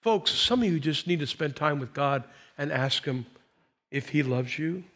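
A man in his sixties preaching as a pastor, swinging from loud emphasis to hushed quiet. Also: on the high side, animated, moderate pace. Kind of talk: sermon.

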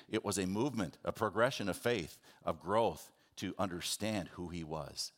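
A man preaching a sermon, earnest and animated, acting out the people in his stories. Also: sits low. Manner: earnest, animated, acts out the disciples in quotes. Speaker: pastor.

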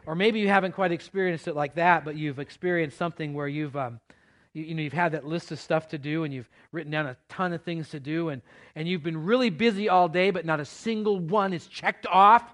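A pastor preaching a sermon in church, in a conversational way with playful asides. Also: male voice, a little high, a little fast, a bit bright.

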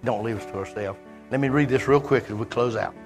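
A man preaching a sermon, animated and conversational, voicing God in quoted speech. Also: mid-range voice, quick pace, faint music behind.

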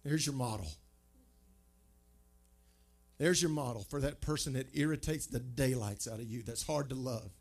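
A pastor preaching a sermon, conversational and emphatic, full of rhetorical questions. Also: male voice, mid-range voice, brisk, gravelly, darkish tone.

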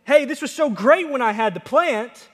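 A man's voice: very high-pitched, animated, moderate pace, fairly bright tone, in a large hall, pitched above the performer's own voice, full character voice. A man voicing a sulking, self-pitying prophet in a whiny, exasperated tone while preaching. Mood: whining.

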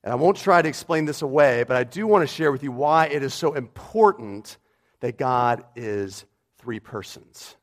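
A man's voice: mid-range voice, expressive, normal speed. A pastor preaching a sermon in a church, emphatic and repeating his key phrases for weight.

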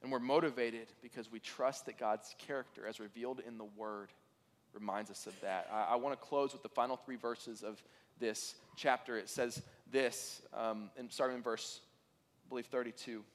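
A man's voice: medium pitch, steady tone, moderate pace. A man preaching a sermon as pastor, earnest and conversational, with occasional fillers and restarts. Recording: reverberant hall.

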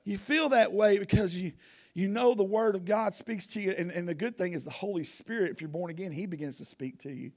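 A man preaching an informal sermon as a guest preacher, animated and rambling, often repeating himself. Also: high-pitched, brisk.

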